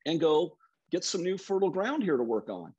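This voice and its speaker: A man voicing Jesus as calm and a little groggy, chuckling and easygoing. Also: on the high side, a little fast, husky, lo-fi sound.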